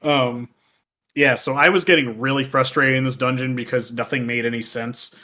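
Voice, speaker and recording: A man's voice: mid-range voice, steady tone, moderate pace, pushed and bright. A man co-hosting a casual podcast, telling a story with lots of swearing and voiced quotes. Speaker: podcast co-host. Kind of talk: casual chat.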